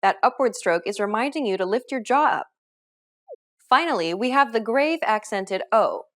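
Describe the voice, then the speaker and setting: Woman, scripted lesson narrator, clear and instructive, animated delivery. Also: a little high, moderate pace. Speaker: language teacher.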